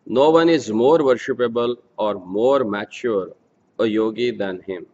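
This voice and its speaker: A man reading scripture aloud, slowly chanting Sanskrit verses again and again, then giving word meanings and a translation. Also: mid-range voice. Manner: slow, measured recitation, verses repeated several times. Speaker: scripture reader and speaker. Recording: dull lo-fi sound with long hall reverb.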